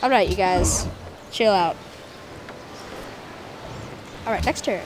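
A woman hosting a gameplay video with casual commentary, excitable and jokey, talking to her game units. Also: medium pitch, moderate pace. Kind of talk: casual let's-play commentary.

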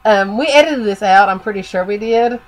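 A woman's voice: medium pitch, a little fast. A woman co-hosting a podcast in casual chat, rambling with many fillers while she is losing her voice from a cold. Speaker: podcast co-host.

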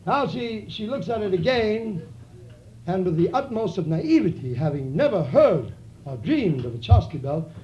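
A man's voice: sits high, big pitch swings, moderate pace, warm tone. A man performing a comic story onstage in theatrical, florid hipster slang. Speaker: comedian, monologist. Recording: roomy muffled live club recording with audience.

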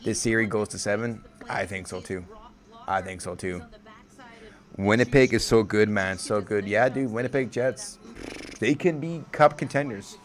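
A man hosting a casual live stream, commenting on a game as it unfolds. He is excitable, swears freely, stumbles over his words and chants players' names over and over. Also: lowish voice, normal speed.

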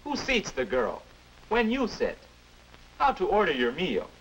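A man's voice: sits high, measured pace, a little hiss or hum, heavily acted, low-quality recording. An actor playing a friendly young man who is the boy's future self, earnestly explaining manners in a 1950s educational film. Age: young adult. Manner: earnest, instructive, lively. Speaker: narrator and guide.

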